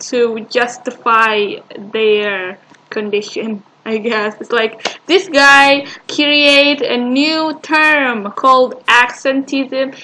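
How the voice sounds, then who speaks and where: A woman's voice: fairly high pitch, sharp tone, a little hiss or hum, low-quality recording. A woman giving casual reaction commentary, hesitant and dismissive, full of fillers. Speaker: reaction video host.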